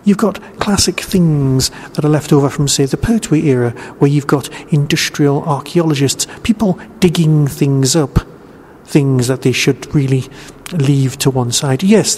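A man's voice: on the high side, a little mellow. A man hosting a podcast, giving a chatty review and asking and answering his own questions. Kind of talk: spoken audio review. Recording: reverberant room with faint noise.

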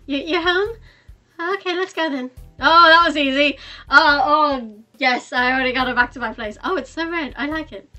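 A woman's voice: high voice, normal speed, bright, forceful tone, soft background music. A woman voicing a doubtful, easily flustered young female cop. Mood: excitable.

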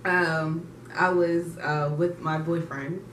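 A woman's voice: low-pitched, takes it slowly. A woman in her twenties casually telling stories and laughing with a friend. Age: 20s. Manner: laughing storyteller, animated quoting. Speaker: vlogger co-host. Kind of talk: casual chat. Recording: echoey room, distant mic, faint hiss.

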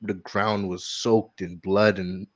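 Deep-ish male co-host, casual and slangy, dull lo-fi recording. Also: little pitch movement, slow. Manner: laughing, slangy, says dude often. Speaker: podcast co-host. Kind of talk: casual chat about ghost stories. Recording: dull lo-fi sound.

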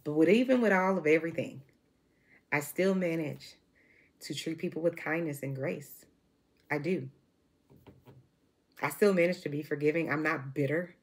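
Woman, 40s, low voice, husky, emphatic, repeats herself, vlog monologue. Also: normal speed, long pauses. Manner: emphatic and repetitive, full of restarts. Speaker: vlogger. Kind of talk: emotional to-camera monologue.

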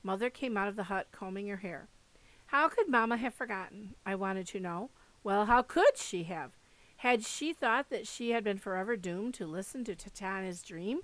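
A woman's voice: mid-range voice, normal speed, fairly bright tone, no room sound, rough recording. A woman reading a first-person novel aloud, expressively voicing the dialogue. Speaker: audiobook reader. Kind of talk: first-person book narration.

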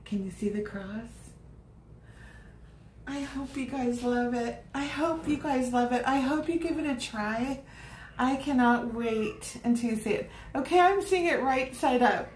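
A woman's voice: sits high, measured pace. A woman teaching a live painting lesson, chatting affectionately with her viewers in a bubbly way. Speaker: art teacher. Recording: echoey room, faint background noise.

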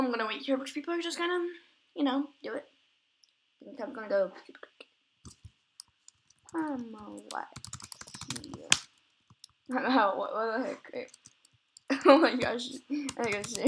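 A woman's voice: fairly high pitch, sing-song, normal speed, long pauses, fairly bright tone, slight background noise. A woman chatting casually while playing and recording an online game, giggling often and exclaiming when surprised. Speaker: gamer recording gameplay.

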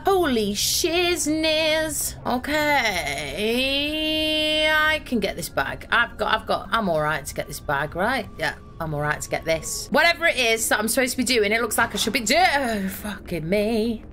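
Woman streamer, frantic swearing play-by-play, bright lively voice, music under her. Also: on the high side, a little slow. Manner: swearing, exasperated, thinks aloud. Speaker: gaming streamer. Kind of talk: live gameplay commentary.

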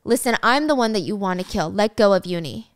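A woman voicing a calm, fearless teenage girl who speaks in a flat, composed way. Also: mid-range voice, brisk, clear, resonant tone, no echo, clean studio sound, close to an everyday voice.

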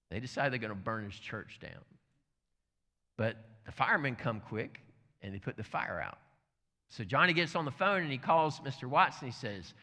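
A male pastor telling a story during a sermon, animated, with lively asides. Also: medium pitch, normal speed. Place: church sanctuary. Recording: church hall reverb.

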